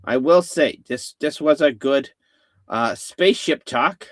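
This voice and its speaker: A man's voice: medium pitch, a little slow, no room sound, clean studio sound. A man hosting a casual live-stream chat, rambling with many fillers and restarts. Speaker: host.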